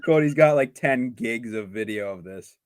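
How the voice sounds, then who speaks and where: A man's voice: mid-range voice, lively intonation, moderate pace, dry recording. A man co-hosting a podcast, reacting with teasing questions and disbelief. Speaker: podcast co-host. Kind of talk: casual chat.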